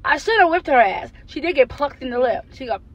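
A woman's voice: sits high, animated, fairly quick, lo-fi sound. An American woman in her thirties, a mother vlogging from her car, venting bluntly and frankly about her kids with some cursing. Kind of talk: candid venting car chat. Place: parked car, then driving home.

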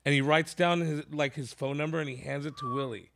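With a slightly high voice and a fairly quick pace, a man hosting a podcast spins a long, funny story. Casual and full of profanity, he's animated and performs the voices of the characters he describes.

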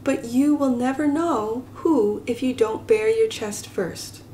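Soft-spoken woman giving a tarot reading. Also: on the high side, a little slow, hardly any pauses, a little hiss or hum. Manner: gentle and soft-spoken, drops to a whisper at times. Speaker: tarot reader. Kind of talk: pick-a-card tarot reading.

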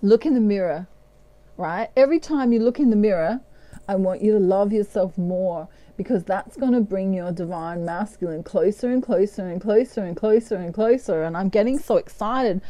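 A woman's voice: medium pitch, normal speed, dark tone, dry recording. A woman giving a casual tarot reading in a playful way, often slipping into bits of song. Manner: playful, breaks into snatches of song and laughs. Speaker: tarot card reader.

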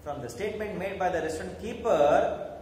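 A man teaching a lesson. He explains a story slowly, with many fillers and a lot of repetition. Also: high-pitched, a little mellow, far from the mic. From India. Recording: echoey hall with faint noise.

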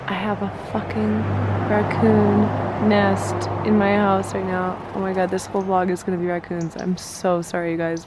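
A young woman in her twenties talking casually to her viewers in a vlog, chatty and excitable, often dropping to a hushed whisper. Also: mid-range voice, normal speed, very noisy. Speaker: vlogger.

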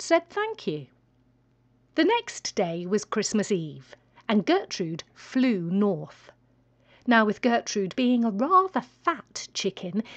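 Expressive woman reading a children's story. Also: mid-range voice. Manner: expressive, playful. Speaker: reader.

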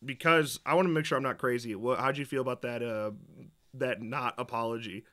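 A young male streamer with a bright, forceful voice talks through a game update in casual, rambling commentary. He is opinionated and keeps restarting his sentences as he thinks aloud, at an ordinary mid-range pitch. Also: fairly quick. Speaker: streamer reacting to a developer Q&A.

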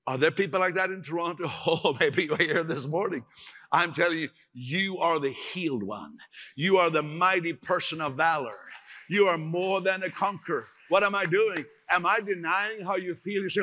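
An older man preaching a sermon as pastor, emphatic and animated, acting out quotes along the way. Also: a little high, normal speed.

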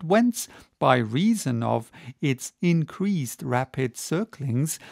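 A man reading a classic novel aloud as an audiobook, in slow, measured, deliberate narration. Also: a little high, creaky, no room sound, studio quality. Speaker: audiobook reader.

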